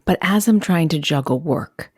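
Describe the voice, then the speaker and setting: A woman's voice: deep voice, lively intonation, moderate pace, husky, dry recording, studio quality. A woman co-hosting a parenting podcast, asking frank questions and reacting as she listens. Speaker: podcast co-host. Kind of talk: casual interview chat.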